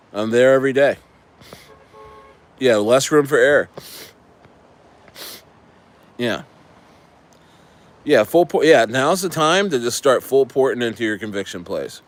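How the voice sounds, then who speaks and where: A man streaming about crypto in a casual, rambling and profane way, often repeating himself. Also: mid-range voice. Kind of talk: casual ranting chat.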